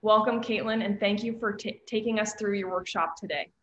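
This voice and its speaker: A woman's voice: mid-range voice, fairly even intonation, brisk, reverberant, lo-fi sound, a little hiss or hum. A woman host reading a guest speaker's introduction, with playful asides.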